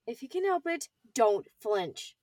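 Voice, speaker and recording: A brisk, cheerful young medic soothing a patient with an easy bedside manner, voiced by a teenage girl. The voice rides fairly high. The recording is dry and the mic sits a little far off. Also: sing-song, no echo. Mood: reassuring. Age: teens. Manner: bright, reassuring bedside manner.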